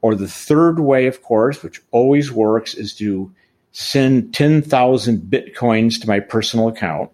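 A man's voice: medium pitch, animated, measured pace, a little mellow. A man hosting a podcast interview, chatty and joking, often correcting himself. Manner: jokey, rambling, self-correcting. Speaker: podcast host.

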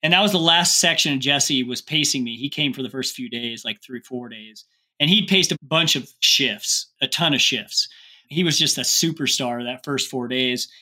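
A man's voice: mid-range voice, moderate pace, bright, forceful tone. A man, a podcast guest, earnestly recalling a hard stretch of a long hike in a casual way. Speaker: guest, long-distance hiker. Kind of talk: casual storytelling.

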